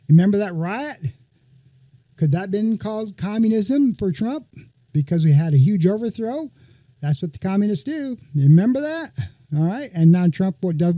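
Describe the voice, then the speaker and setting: A man's voice: high voice, dark tone, no room sound, dull audio. A man hosting a political podcast, talking his listeners through a topic in a conversational, sarcastic way. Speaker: podcast host. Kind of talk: political commentary.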